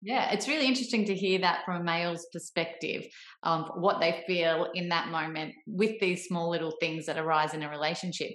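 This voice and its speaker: A woman hosting a podcast, asking measured, thoughtful interview questions. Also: lowish voice, fairly bright tone, reverberant. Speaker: podcast host.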